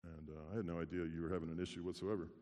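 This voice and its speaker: A man serving as pastor, giving an informal sermon in a relaxed, conversational way with dry humor. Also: low-pitched, racing. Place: church sanctuary. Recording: long church hall reverb.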